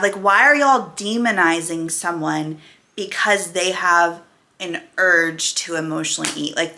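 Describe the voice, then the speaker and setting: A woman in her forties speaks candidly to her viewers in a bright, forward voice. She talks emphatically and keeps pressing rhetorical questions at her audience, like a vlogger speaking straight to camera. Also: fairly low pitch, a little hiss or hum. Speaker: weight loss vlogger.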